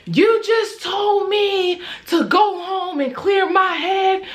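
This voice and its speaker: A woman putting on the voice of a furious young woman shouting at a cheating boyfriend. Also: slow pace, far from the mic, exaggerated voice. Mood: outraged. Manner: shrill, shouting.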